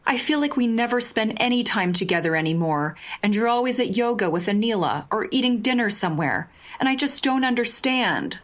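Give me a woman playing a drunk young woman, high and breaking, desperate. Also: expressive, fairly quick, few pauses, lightly acted. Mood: pleading.

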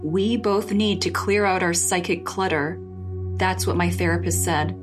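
A woman voicing a blunt young woman who speaks in calm, measured therapy-speak to her roommate. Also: lowish voice, music in the background, lightly acted.

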